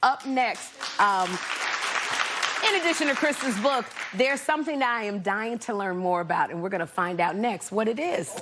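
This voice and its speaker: A woman's voice: mid-range voice, moderate pace, over a noisy crowd, heavy background noise. A woman hosting a talk show, interviewing her guest with gushing enthusiasm. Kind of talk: casual chat.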